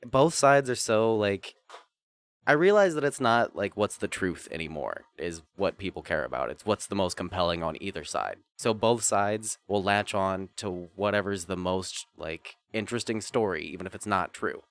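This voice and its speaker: A man's voice: sits low, lively intonation, moderate pace. A man co-hosting a podcast in casual chat, goofy at times and reflective at others. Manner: goofy, jumps between silly voices and musing. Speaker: podcast co-host.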